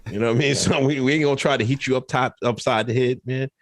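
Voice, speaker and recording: A man's voice: mid-range voice, fairly even intonation, quick pace. A man co-hosting a podcast, teasing in comedic casual chat and laughing often. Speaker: podcast co-host.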